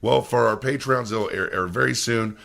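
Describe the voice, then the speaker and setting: A man's voice: medium pitch, normal speed, gravelly, a bit bright. A man co-hosting a podcast, reading out show plugs and asking the questions in an upbeat way. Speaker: podcast co-host. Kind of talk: casual podcast talk, show promos.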